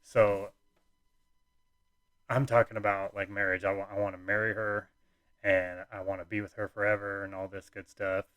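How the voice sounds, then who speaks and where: A man's voice: fairly low pitch, little pitch movement, normal speed, long pauses, a bit bright, no room sound. A young man hosting a podcast, telling a personal story in a rambling, laid-back way full of fillers and restarts. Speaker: podcast host.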